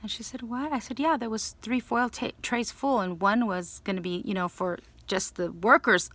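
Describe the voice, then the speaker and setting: A woman telling a long personal story in a rambling, animated way, acting out the people she quotes. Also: medium pitch, moderate pace, dry recording. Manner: restarts and trailing asides. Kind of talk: casual storytelling monologue.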